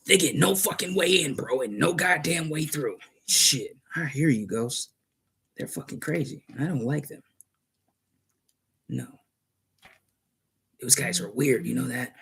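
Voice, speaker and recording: A man's voice: medium pitch, animated, a little slow, creaky, long pauses, a bit bright, husky. A man rambling and cursing in a casual monologue, arguing back and forth with himself. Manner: profane, rambling, argues with himself.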